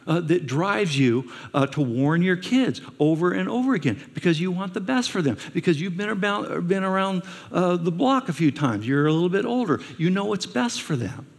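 With hardly any pauses, a pastor with a high-pitched, creaky, expressive voice preaches at normal speed, mixing stories with rhetorical questions for his listeners. The recording carries a large hall's long reverb.

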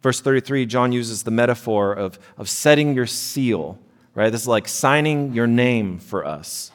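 Pastor preaching in a reverberant hall. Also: male voice, medium pitch, lively intonation, unhurried. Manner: conversational preaching, frequent "right?" tag questions. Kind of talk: sermon.

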